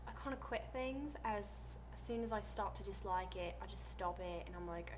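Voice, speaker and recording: A seventeen-year-old girl from the United States chats casually on her vlog. She rambles softly, her voice trailing quietly at the ends of thoughts. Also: mid-range voice, moderate pace, few pauses, background noise. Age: teens. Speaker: vlogger.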